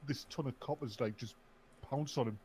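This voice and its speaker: A man in his fifties chatting casually with friends on a stream and telling stories in an animated way. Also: mid-range voice, moderate pace, slight background noise. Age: 50s. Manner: animated storyteller. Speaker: stream guest. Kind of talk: casual group chat.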